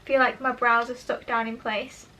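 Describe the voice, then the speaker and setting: A young beauty vlogger chats to camera while testing make-up, enthusiastic and self-deprecating in a casual tutorial style. Her voice is on the high side, level and sharp, at normal speed, picked up by the camera mic.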